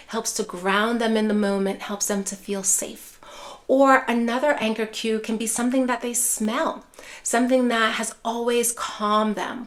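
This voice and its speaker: Soft-spoken female care educator, middle-aged, slightly high voice, gentle teaching tone. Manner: soft, soothing, repeats "care partners", drops to a gentle hush for example phrases. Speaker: neuropsychologist and dementia care educator. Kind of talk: instructional video talk.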